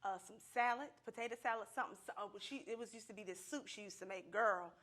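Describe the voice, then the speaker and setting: A young woman, a podcast guest, telling stories in a casual, animated way, full of swearing and laughter. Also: medium pitch, fast talker, heavy background noise. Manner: profane, animated, laughing often. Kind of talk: casual storytelling. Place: podcast studio with a live audience.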